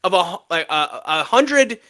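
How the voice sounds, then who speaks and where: A man with a fairly high, bright voice opens and runs a casual sports podcast. He jokes and trash-talks with real emphasis, then moves on to the news. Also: moderate pace. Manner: animated, joking, emphatic trash talk. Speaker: podcast co-host.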